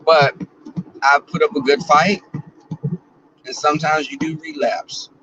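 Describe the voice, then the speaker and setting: A fairly high-voiced man chats playfully and bawdily to his viewers from the driver's seat. The sound is distant and dull, recorded in a car with constant road noise behind him. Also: flat delivery, measured pace, bright, forceful tone. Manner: chatty, bawdy and playful, talks to viewers and reads out their comments. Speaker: vlogger. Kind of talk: casual chat to viewers while driving.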